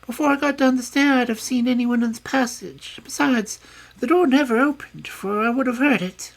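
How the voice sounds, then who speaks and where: A man doing a shrill, insistent young maid. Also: normal speed. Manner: high, insistent and flustered. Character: flustered young female housemaid.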